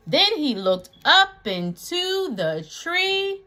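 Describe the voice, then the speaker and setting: A woman reading a picture book aloud to young children, playful and asking them questions with dramatic pauses. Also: on the high side, big pitch swings, fairly bright tone, breathy edge. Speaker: children's story reader. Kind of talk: animated children's read-aloud.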